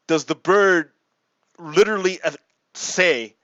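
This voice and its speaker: A man's voice: a little high, lively intonation, moderate pace, a bit bright, no room sound. A man hosting a gaming video, reading out and explaining politics in a casual, chuckling way, often repeating himself. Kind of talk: casual commentary while playing a game. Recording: dry, dull lo-fi mic.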